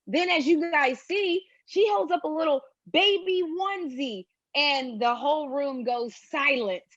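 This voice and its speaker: A woman with a high voice hosts a relaxed podcast chat and tells stories with lots of life, acting out what each person said. The sound is dry and a little dull, as if from a lo-fi recording. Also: measured pace, no room sound. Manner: animated storytelling, acts out quotes. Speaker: podcast host. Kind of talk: casual chat.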